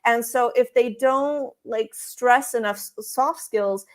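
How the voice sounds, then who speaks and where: A woman's voice: a little high, slow. A woman interviewed as a career coach for expats, talking casually with frequent restarts and filler words.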